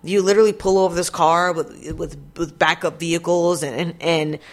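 A woman's voice: lowish voice, steady tone, normal speed. Blunt, profane woman vlogger. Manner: chatty, addresses viewers directly. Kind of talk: casual news commentary.

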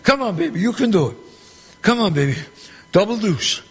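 An actor playing a middle-aged gangster boss who runs a dice game. He is loud and bossy, and he swears and throws insults around freely. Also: sits high, expressive, normal speed, slightly rough. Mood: boisterous. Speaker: mob boss at a craps game. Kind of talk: film dialogue. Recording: echoey hall sound with faint ambience.

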